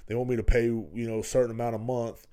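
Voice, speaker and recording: A man's voice: medium pitch, flat delivery, fast talker, dark tone, clean tone. A man in his thirties hosting his own podcast in a casual, rambling way, swearing freely and often asking "you know what I'm saying". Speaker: podcast host. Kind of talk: casual solo podcast talk.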